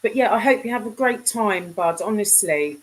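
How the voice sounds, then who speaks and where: A woman's voice: medium pitch, animated, moderate pace, low-quality recording. A middle-aged woman chatting casually with viewers on a live stream, rambling and trailing off mid-sentence. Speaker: livestream host.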